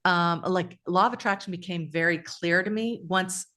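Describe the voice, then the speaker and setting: A woman's voice: fairly low pitch, moderate pace, a bit bright. A woman co-hosting a casual spiritual podcast, talking in a reflective, storytelling way with frequent restarts. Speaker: podcast co-host.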